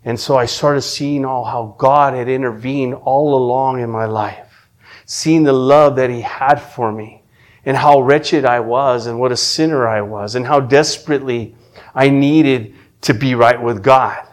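A middle-aged man telling his personal faith testimony, earnest and emotional, often restarting his sentences and dropping from loud to hushed. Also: mid-range voice, fairly even intonation, measured pace. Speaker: testimony speaker.

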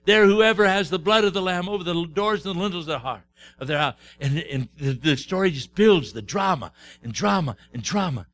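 A man preaching a sermon, retelling stories with acted-out dialogue in an animated way. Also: high-pitched. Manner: animated storytelling, acts out dialogue.

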